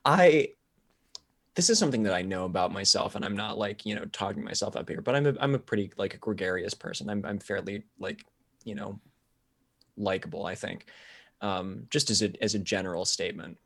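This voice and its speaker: A young man with a fairly low voice tells a story on a live-streamed podcast. He talks casually and animatedly and breaks into laughter often. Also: brisk, gravelly, fairly bright tone. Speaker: podcast co-host. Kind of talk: casual chat.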